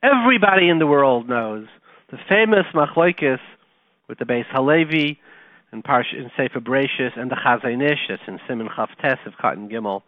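A man hosting a radio talk show, telling a story and teaching Torah, animated and conversational, dropping to quiet retellings. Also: medium pitch, moderate pace, dry recording. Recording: tinny phone-like line, dry.

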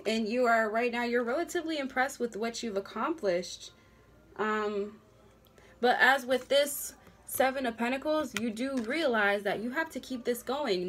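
A woman doing a relaxed tarot reading for her viewers, chatty and loose, drawing words out and checking in with "okay?" every few lines. her voice sits at an ordinary pitch, neither high nor low, and she sounds like she's at her desk at home. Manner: chatty, drawn-out words, frequent okays. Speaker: tarot reader. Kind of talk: casual tarot reading to camera. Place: home workstation. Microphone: desk camera at a workstation.

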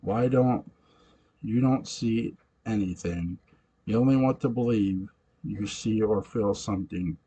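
A man reading the part of a defiant young pregnant woman in an amateur audiobook, pleading and forceful by turns. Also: on the low side, unhurried, breathy edge, poor audio.

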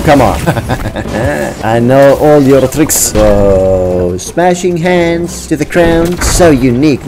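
Playful, animated gaming streamer man. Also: medium pitch, gravelly. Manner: playful, chatty, frequent laughs and exclamations. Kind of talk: let's play commentary. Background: game music.

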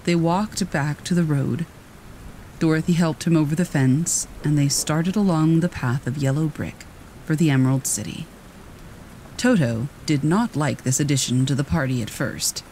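Guy narrating a classic storybook, calm, bit higher voice, soft rain in back. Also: vocal fry, slight background noise, rough recording. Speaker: audiobook narrator.

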